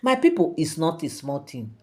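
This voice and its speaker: A Nigerian woman tells palace gossip to her channel viewers in an animated, expressive way. Her voice sits on the low side but swings widely up and down. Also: normal speed. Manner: animated, addresses viewers directly. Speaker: channel host. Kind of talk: gossip storytelling.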